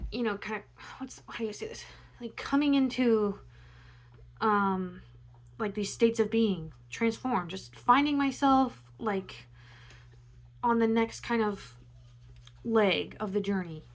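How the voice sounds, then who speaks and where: Young woman, casual reflective monologue, lots of um and you know, medium pitch. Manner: meandering, many fillers like "um" and "you know". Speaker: astrology vlogger.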